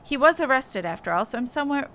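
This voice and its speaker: A woman's voice: sits high, expressive, fast, a bit bright, slight background noise. Woman reading as a prim, haughty scholar lady. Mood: sniffy. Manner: formal, archaic, sniffy phrasing. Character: haughty, prim female scholar, reluctant and fussy. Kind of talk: reading game dialogue aloud.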